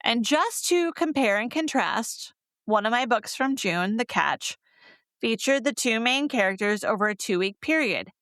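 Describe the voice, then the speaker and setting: A woman from North Carolina co-hosts a romance book podcast, reviewing novels in casual, candid chat and laughing easily. Her voice is a little high, animated and a bit bright, at a measured pace. The studio-quality recording has no room sound.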